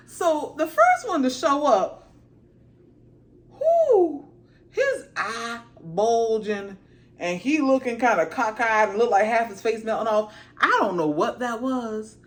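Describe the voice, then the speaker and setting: A woman's voice: mid-range voice, a little slow. A woman reviewer giving a casual, slangy episode recap, acting out the characters as she goes. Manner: animated, slangy storytelling with acted-out asides. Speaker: TV show reviewer.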